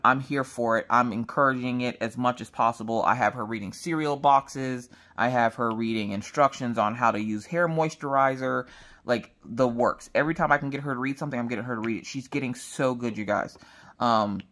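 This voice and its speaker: A woman's voice: a bass voice, a bit bright. Brief: woman in her thirties, casual crafting chat, rambling storyteller. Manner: chatty, rambling storytelling with quoted dialogue. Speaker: crafting vlogger.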